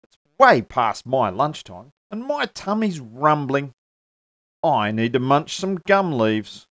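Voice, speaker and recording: A man's voice: medium pitch, big pitch swings, slow pace, fairly bright tone, no room sound. A hungry female koala complains that her lunch is late, as a man reading a storybook puts her on. Her voice pushes up and rises, dry and close. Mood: impatient.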